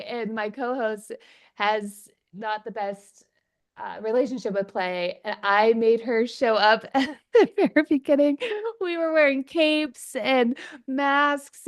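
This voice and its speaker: Enthusiastic woman parenting coach. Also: a little high. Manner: enthusiastic, animated, laughs often. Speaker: parenting coach and podcast host. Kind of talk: conversational interview.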